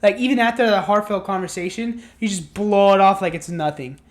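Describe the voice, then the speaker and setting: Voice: mid-range voice, a little fast. A worn-out reviewer rambling through a casual spoken review late at night. The talk keeps restarting and breaking into exasperated asides. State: tired and yawning. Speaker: show reviewer.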